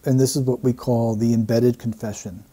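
A man working as a statement analyst, giving measured, explanatory commentary and repeating key phrases as he breaks down an interview. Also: mid-range voice, little pitch movement, warm tone.

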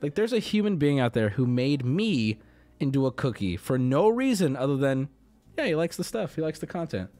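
A man hosting a live stream and reacting to viewer media. He is excitable and swears a lot, swinging from mumbled asides to loud yells. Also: mid-range voice, moderate pace, faint music behind. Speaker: streamer host.

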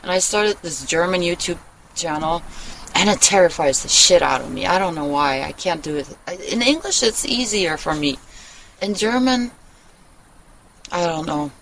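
In a low-quality recording with a little background noise, a Germany-based vlogger speaks from home in a blunt, swear-filled ramble that keeps trailing off and beginning anew. The voice is medium-pitched, animated, somewhat bright and moderately paced.

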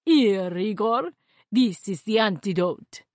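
A woman voicing a frantic, excitable male mad scientist in a children's storybook reading, exclaiming loudly. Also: slow pace, dry recording, clean studio sound. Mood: excited, manic. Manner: loud, exclaiming, with big leaps in pitch.

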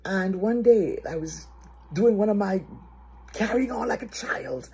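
Woman, preacher, sermon, husky raspy voice, lively storytelling, quotes acted out. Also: mid-range voice, unhurried. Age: adult.

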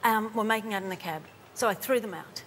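A woman's voice: mid-range voice, quick pace, a bit bright, in a large hall, slight background noise, close to an everyday voice. Woman putting on a weary cabbie with a shaky foreign accent. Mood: aggrieved. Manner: clumsy mock foreign accent. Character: weary male immigrant cab driver.

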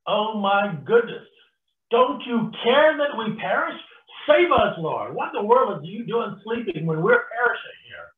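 A man voicing a group of panicking male fishermen disciples who plead in high, frantic voices. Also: expressive, unhurried, distant mic. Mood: panicked. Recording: tinny phone-like sound in an echoey room.

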